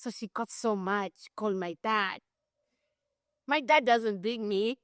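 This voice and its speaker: A young Ugandan woman co-hosting a podcast, telling a family story in a relaxed, frank way that is full of "you know.". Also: mid-range voice, unhurried, no echo, clean studio sound. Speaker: podcast co-host. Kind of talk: casual storytelling chat.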